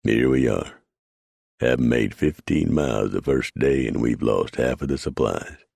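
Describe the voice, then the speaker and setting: A man's voice: very deep voice, a little slow, creaky, a little mellow, no room sound, clean studio sound, exaggerated voice. A man voicing a wary, plainspoken frontier scout with folksy speech.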